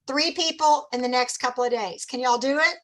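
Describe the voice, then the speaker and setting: A middle-aged woman, coaching her sales team in a lively, upbeat meeting talk and acting out little customer exchanges. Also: sits high, brisk, rough recording.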